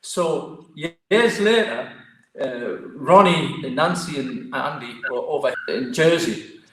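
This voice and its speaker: A man's voice: fairly high pitch, slow pace, a little hiss or hum. Chatty Geordie man in echoey room. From Newcastle, England. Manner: lively, chatty storyteller. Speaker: martial arts guest. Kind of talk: casual storytelling interview.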